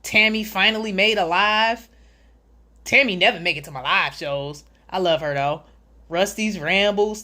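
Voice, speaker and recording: A woman's voice: fairly low pitch, normal speed, pushed and bright. A woman hosting a casual livestream, reading chat comments aloud, greeting viewers by name, and joking sarcastically with frequent laughs. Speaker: livestream host.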